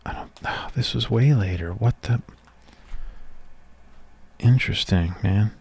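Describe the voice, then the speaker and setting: A man, talking in a soft-spoken ASMR chat, rambling and casual as he reminisces. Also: lowish voice, unhurried, gravelly, husky. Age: 30s. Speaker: ASMR creator.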